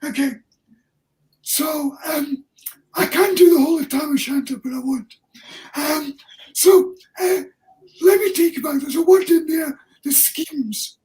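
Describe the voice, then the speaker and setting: A man's voice: very high voice, unhurried, pauses often, a little mellow. An older man from Ayrshire with a Scottish accent, giving earnest, plain-spoken interview answers as an honorary professor. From Ayrshire, Scotland. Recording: distant from the mic.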